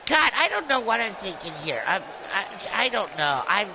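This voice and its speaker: A man's voice: sits high, big pitch swings, normal speed, creaky, background noise. A man calling a wrestling game as a rambling, jokey streamer who plays a drunken clown persona. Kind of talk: excitable play-by-play game commentary.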